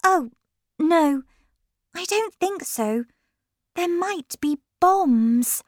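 A polite, shy little girl speaks in a small, careful voice, as a woman reads her part. Her pitch sits high and swings up and down a lot, and she takes her time. The room is dry and close. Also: animated, very slow, dry recording, full character voice. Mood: timid.

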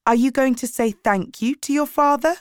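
A woman's voice: high voice, moderate pace, no room sound, studio quality, voice pushed up, natural voice. A woman voicing a prim, reproachful soon-to-be stepmother in a storybook reading.

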